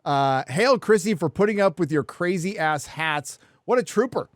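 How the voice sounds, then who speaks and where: Male host, slightly high voice, swears freely, trolls his guests. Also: animated, normal speed, no room sound, studio quality. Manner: crude, profane and playfully trolling. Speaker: livestream show host reading viewer donations. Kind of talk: casual panel chat.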